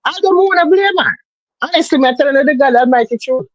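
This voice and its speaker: A woman's voice: high voice, expressive, fast, no echo, lo-fi sound. Woman, Jamaican accent, emphatic lecturing chatter, close dry sound. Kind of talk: casual livestream chat.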